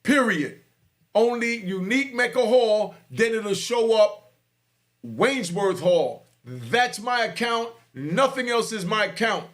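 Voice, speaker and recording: A middle-aged man talking to his viewers with fervent, preaching passion and bursts of shouting. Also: sits high, animated, slow pace. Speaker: host. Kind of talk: impassioned talk to viewers.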